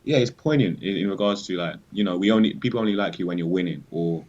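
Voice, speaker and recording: A man co-hosts a casual podcast in a very deep voice. He agrees easily and talks in relaxed slang. His mic sounds a little dull and lo-fi. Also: fast. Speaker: podcast co-host. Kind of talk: casual chat.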